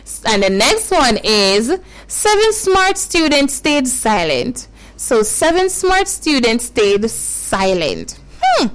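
A woman's voice: high-pitched, huge pitch swings, poor audio. A woman hosting a call-in with children, leading them through tongue twisters in a playful, encouraging way. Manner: playful, encouraging, drawn-out coaching.

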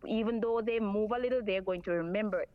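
A woman's voice: mid-range voice, fast talker, narrow, tinny audio. A woman calling in to talk radio, earnestly repeating her points.

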